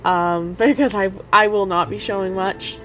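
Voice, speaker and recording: A young woman giving casual, excitable commentary over a life-sim game, talking straight to her viewers and gushing nervously. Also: medium pitch, normal speed, soft background music. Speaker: gaming YouTuber.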